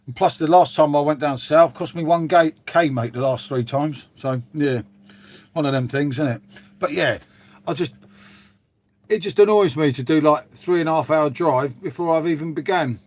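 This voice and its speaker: A man's voice: fairly high pitch, normal speed. A man hosting a casual live stream, chatting to viewers in a rambling, matey way with the odd swear word. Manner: chatty, rambling, says "mate" constantly, mild swearing.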